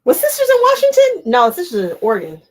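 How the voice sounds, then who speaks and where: A woman's voice: very high-pitched, huge pitch swings, fast, low-quality recording. Chatty woman hosting a crafting livestream. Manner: chatty, talks to viewers, laughs often. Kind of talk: casual chat while sewing on a livestream.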